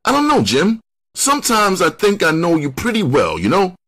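Weary police detective in an audiobook, read by a man in a raised, husky voice, rueful. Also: sits high, wildly swooping pitch, moderate pace, a bit bright, voice pushed up, full character voice. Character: weary middle-aged male police detective, uneasy.

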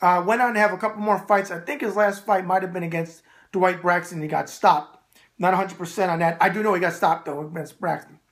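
A man hosting a boxing video mailbag, brash and animated, repeating a catchphrase. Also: high-pitched, fairly quick. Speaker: boxing show host answering viewer mail. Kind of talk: casual solo video mailbag.

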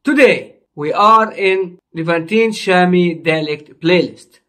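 High-voiced man teaching a language slowly. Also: a bit bright. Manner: slow, repetitive explaining, drawing out words. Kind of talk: online language lesson.

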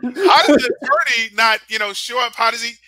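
A man's voice: very high voice, brisk, a loud crowd, rough recording. A man hosting a casual chat, mostly giving short agreeing replies. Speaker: host.

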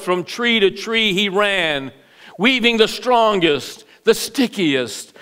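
Guy pastor doing an easter sermon, storytime vibe, high bright voice, slow and clear. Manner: animated storyteller, acts out voices. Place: church sanctuary.

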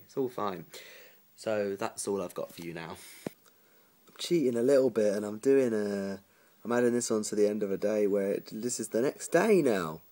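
A fairly low, slightly mellow male voice carries this casual home vlog, recorded into a phone camera. Chatty and rambling, he laughs frequently and does impressions of the people in his story.

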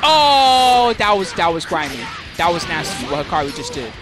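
A man's voice: fairly high pitch, fairly quick. A man hosting a live fighting-game tournament stream, commentating the matches with slangy banter toward chat and frequent laughter. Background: game music.

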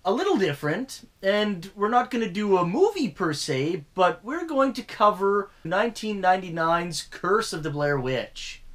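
A man's voice: sits high, very animated, normal speed, hardly any pauses, fairly bright tone. A man hosting a casual horror movie chat in an easygoing way. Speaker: podcast host.

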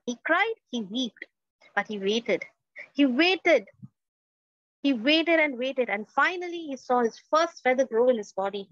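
A woman with a high voice tells a story with dramatic flair, repeating phrases and putting questions to her audience. The sound is dry and a little dull, like a lo-fi recording. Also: lively intonation, moderate pace, dry recording. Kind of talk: oral storytelling at a festival. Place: indoor festival stage.

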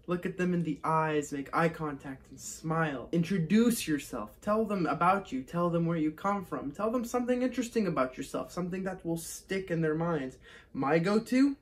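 A man's voice: a little high, animated, normal speed. Upbeat young man giving vlog advice. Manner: upbeat, chatty, addresses viewers as guys. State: hoarse, losing his voice. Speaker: vlogger.

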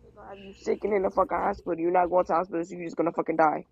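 A gravelly, mid-pitched voice delivers a blunt, profane tirade in a heated livestream rant. The audio is muffled and lo-fi. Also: fairly even intonation, racing.

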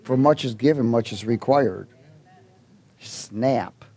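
A man preaching a sermon, telling a personal story and acting out the dialogue in it, with halting restarts and chuckles. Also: mid-range voice, slightly rough. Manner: animated storyteller, acts out dialogue.

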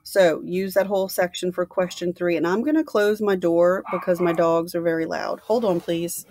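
A woman's voice: on the low side, steady tone, normal speed, a little mellow, no room sound. Casual teacher, plain read-aloud voice, dry room at home; woman. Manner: casual, plain instructions between readings. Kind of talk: reading a novel aloud for a class.

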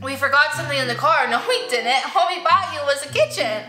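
A woman with a high, sharp, bright voice chats playfully to her plush toys for a vlog. She is excitable and coaxing, with frequent gasps. The room sounds roomy and echoey. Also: normal speed, soft background music. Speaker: toy vlogger.

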